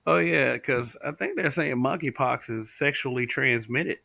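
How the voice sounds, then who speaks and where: A man's voice: medium pitch, moderate pace, creaky, bright, forceful tone, no room sound. A man from the American South hosting a casual live stream, speaking bluntly and answering viewers' comments. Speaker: livestream host. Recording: tinny, dry home-stream audio.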